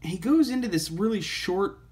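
Rambling comic reviewer, man, slightly high voice. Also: lively intonation, normal speed, darkish tone, slight background noise. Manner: rambling, many fillers and restarts, wry. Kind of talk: casual review vlog.

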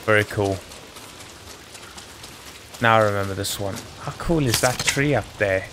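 A man's voice: fairly low pitch, measured pace, background noise. A man hosting a gaming channel, talking casually over gameplay in a rambling, chatty way. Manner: rambling, chatty, friendly asides.

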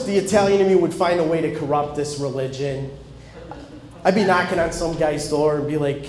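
A man's voice: a little high, a little fast, darkish tone, distant mic. A man doing a stand-up comedy set, punchy storytelling with acted-out dialogue. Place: comedy club stage before an audience. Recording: very echoey live club recording.

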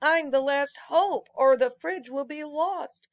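A woman voicing Inspector Croissant, an anxious, eager young male pastry detective who talks in excitable, earnest exclamations. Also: sits high, slow pace, muffled recording, voice pushed up.

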